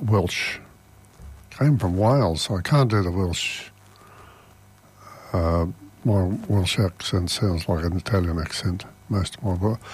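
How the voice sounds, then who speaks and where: A man's voice: deep voice, darkish tone, slightly rough. A man hosting community radio in casual chat, rambling and self-deprecating, stumbling over his words. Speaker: radio host.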